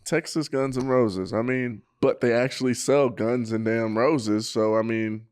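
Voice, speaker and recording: A man's voice: medium pitch, steady tone, unhurried, darkish tone, clean tone, dry recording, studio quality. A man co-hosting a podcast, casually relaying news stories in a laid-back way, chuckling as he goes. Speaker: podcast co-host. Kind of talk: casual chat.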